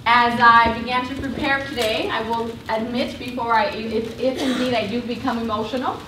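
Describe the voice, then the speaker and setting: Woman lecturer, earnest and expressive, higher voice, distant mic, faint hiss. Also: moderate pace. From Cuba. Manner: earnest, expressive, warm-hearted speaker. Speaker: university lecturer giving a talk. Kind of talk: public lecture with a recited poem. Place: lecture hall. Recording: roomy hall sound from a distance.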